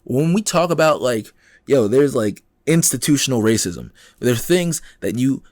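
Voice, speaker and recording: A man's voice: medium pitch, moderate pace, dry recording, studio quality. A man hosting a podcast, talking through news stories in a casual, exasperated way and acting out the people he quotes. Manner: animated and exasperated, acts out quoted people, swears freely. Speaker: podcast host.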